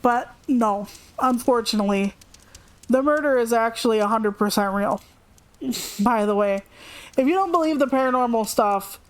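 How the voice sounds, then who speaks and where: Young woman with a high voice chatting into a desk mic, animated, does little voices for quotes. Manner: chatty, animated, acts out quotes with raised pitch. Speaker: streamer. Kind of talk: casual storytelling on a live stream.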